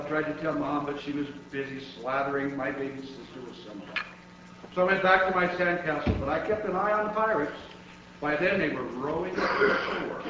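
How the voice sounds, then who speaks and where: A man reading a children's picture book aloud to kids, animated, with shouted character lines. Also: a little high, a little hiss or hum. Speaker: guest reader. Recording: distant, dull, echoey room recording.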